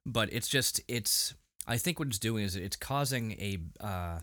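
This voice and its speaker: A man's voice: lowish voice, expressive, unhurried, sharp tone, no room sound, studio quality. A man co-hosting a casual podcast, recapping a TV episode with frequent fillers and restarts. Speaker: podcast co-host. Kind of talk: casual episode review chat.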